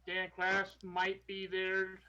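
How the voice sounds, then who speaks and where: Eager high-voiced male podcast host. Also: completely flat delivery, slow pace, sharp tone, lo-fi sound. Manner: eager, effusive, repeats himself. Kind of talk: casual chat on a live video call. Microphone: video call.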